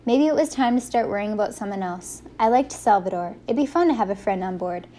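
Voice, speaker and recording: A woman reading a first-person story aloud as an audiobook narrator, giving the characters lively voices. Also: medium pitch, fairly quick, slight background noise.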